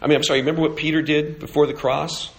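A man's voice: a little high, little pitch movement, very fast. A man preaching a sermon, telling a story with animation and asking rhetorical questions. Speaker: pastor.

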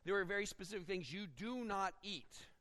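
A man's voice: sits high, moderate pace. A man preaching a sermon, reading scripture and acting out the people in it. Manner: expository preaching with acted-out quotes; animated, rising when dramatizing. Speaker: pastor.

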